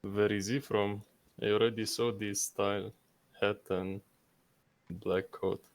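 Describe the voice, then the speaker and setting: A man doing a curt, gravelly Russian newcomer. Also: on the low side, level tone, slow. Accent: put-on Russian. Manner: curt, guarded. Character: secretive male newcomer from the Russian Empire. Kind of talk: voice chat role-play.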